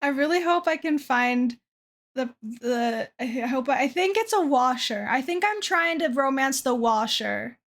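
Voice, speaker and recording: A woman's voice: high-pitched, animated, measured pace. A young woman streamer chatting casually to her chat from a dim room at her desk, self-deprecating and trailing off with fillers.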